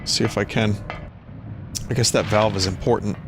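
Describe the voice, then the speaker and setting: A man's voice: fairly low pitch, fairly even intonation, normal speed. A man streaming a game, chatting casually and rambling between jokes, swearing now and then. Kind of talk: casual gameplay commentary. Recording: game music behind the voice. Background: game music.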